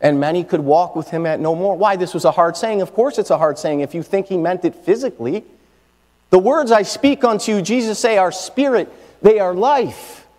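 A man preaching a fervent sermon in a church, swinging from loud declarations to hushed phrases and repeating key lines. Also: high-pitched, lively intonation, moderate pace, long reverb tail.

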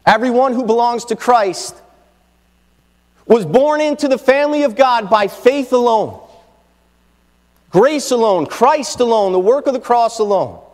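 A man preaching a fervent sermon in a church, swinging from loud declarations to hushed phrases and repeating key lines. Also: extremely high pitch, expressive, unhurried, long pauses, in a large hall.

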